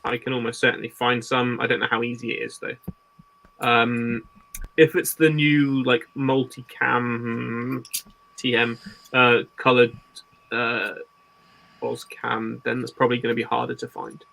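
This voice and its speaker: Brief: mid-pitched man with fry in the voice, bright tone, casual guest on a chat podcast, practical and chatty. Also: little pitch movement, measured pace, poor audio. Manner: practical, explains at length with restarts. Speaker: guest gear maker.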